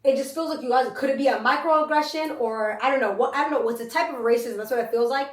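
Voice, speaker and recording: A woman's voice: high-pitched, quick pace. A young woman from the United States co-hosting a casual podcast chat, blunt and emphatic, repeating her points. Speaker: podcast co-host. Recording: roomy echo, mic at a distance.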